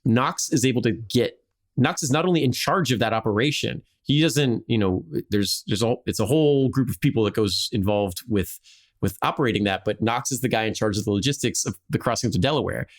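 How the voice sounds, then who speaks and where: A man's voice: medium pitch, fairly quick. A man hosting a podcast, telling a history story in a rambling, casual way with frequent restarts and laughs.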